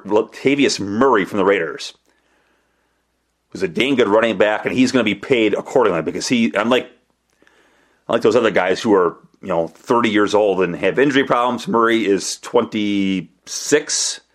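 A man hosting a casual sports talk monologue, rambling and correcting himself as he talks through the market for players. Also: fairly low pitch. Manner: rambling, self-correcting, conversational. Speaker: sports reporter and podcast host.

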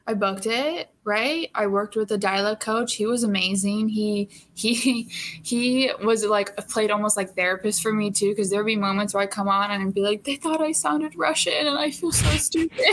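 A young actress as an interview guest, chatting casually with lots of fillers and frequent laughter. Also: female voice, mid-range voice, steady tone, moderate pace, fairly bright tone.

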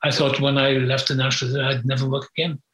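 A man's voice: medium pitch, flat delivery, fast, a bit bright. An older man, telling his memories in an interview in a frank, rambling way, with many fillers. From Britain. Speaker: guest. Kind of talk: reminiscing interview. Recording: roomy echo.

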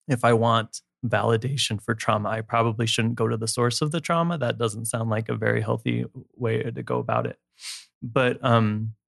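Earnest guy opening up, kinda gravelly low voice, laughs a lot, dry mic. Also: dry recording. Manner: emotional, candid, laughs easily. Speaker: guest. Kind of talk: earnest personal conversation.

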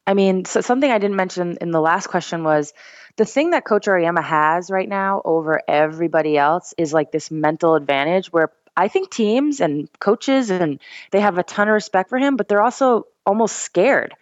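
Low-voiced woman, emphatic and casual. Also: lively intonation, moderate pace, dry recording, lo-fi sound. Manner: emphatic, many "I mean" and "you know" fillers. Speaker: guest, basketball player and commentator. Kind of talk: casual podcast chat.

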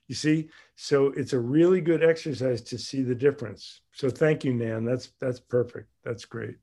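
Guy running a group exercise on a video call, fairly high voice, gets animated and does little voices. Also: normal speed, gravelly. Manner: animated, acts out voices with big pitch jumps. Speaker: group leader.

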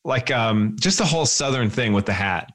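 Guy on a podcast thinking out loud, stops and restarts a lot, mid voice. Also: mid-range voice, expressive. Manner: musing, halting with frequent restarts. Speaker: podcast co-host. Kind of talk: casual chat.

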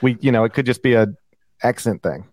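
A man's voice: medium pitch, a little fast, a little mellow. A man from the American South, co-hosting a podcast with playful, joking banter. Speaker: podcast co-host. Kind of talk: casual chat.

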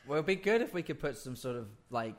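A man's voice: mid-range voice, big pitch swings, fast. A man guesting on a podcast as a band musician, joking along in an easygoing, agreeable way. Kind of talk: casual interview chat.

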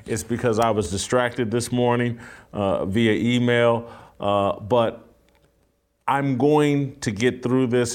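A man's voice: mid-range voice, darkish tone. A man hosting a talk show, delivering an emphatic, urgent monologue with frequent filler words.

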